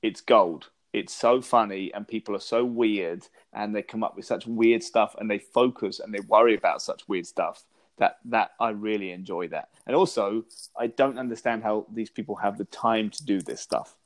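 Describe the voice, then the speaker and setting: A man's voice: fairly low pitch, normal speed. British man chatting on a podcast. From Britain. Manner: chatty storyteller, frequent restarts and laughs. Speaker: podcast co-host. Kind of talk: casual podcast chat. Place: lives in Los Angeles.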